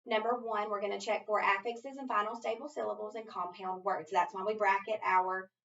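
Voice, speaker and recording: A woman's voice: mid-range voice, fairly even intonation, brisk, vocal fry, fairly bright tone. A woman reading teacher walking a student through a phonics lesson step by step, with an encouraging manner. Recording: distant dull lo-fi recording.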